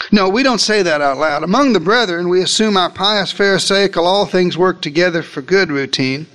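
A man's voice: high voice, normal speed, hardly any pauses, a bit bright. A male preacher delivering a sermon, retelling scripture as a dramatic first-person story and speaking directly to his listeners.

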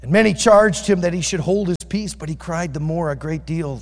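A man preaching a sermon, quoting scripture and moving from loud cries to quiet, intense asides. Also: fairly quick. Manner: animated preaching, rising to loud cries and dropping low. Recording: echoey hall with long reverb.

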